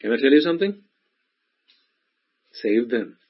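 A man's voice: mid-range voice, very animated, a little slow, slightly rough. A man giving a sermon in an emphatic style, repeating phrases and speaking directly to the listeners. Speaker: preacher. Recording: dull lo-fi recording.

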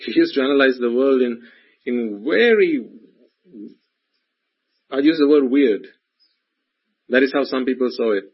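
Husky male Buddhist teacher giving a dharma talk, mid-pitched, many rhetorical questions. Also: lively intonation, measured pace, long pauses. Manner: repetitive, full of rhetorical questions. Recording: dull lo-fi recording.

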